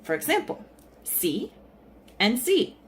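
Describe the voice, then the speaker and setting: A woman's voice: a little high, slow. A woman Spanish teacher giving a casual, friendly explanation in an online lesson. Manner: friendly explaining, lively intonation. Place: in San Salvador.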